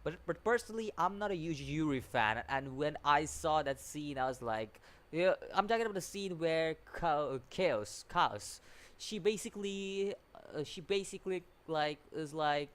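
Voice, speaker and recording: A man giving a casual spoken anime episode review, animated and incredulous, laughing often and filling his talk with "like" and "what?". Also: fairly high pitch, measured pace. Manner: animated and incredulous, full of fillers and repeated "like, what?"; laughs often while talking.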